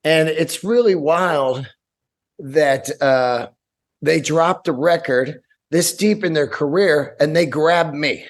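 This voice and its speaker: Male solo podcaster, slightly high voice, casual rambling chat, salty language. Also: slow. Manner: loose, rambling, swears casually, breaks off to look things up. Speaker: podcast host. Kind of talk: casual solo podcast talk with a read sponsor ad.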